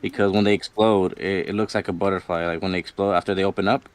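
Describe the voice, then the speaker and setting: A man's voice: sits low, fairly even intonation, fast, no echo. A young man telling a personal ghost story in a casual, rambling way, full of "like" and "you know" and quoting himself.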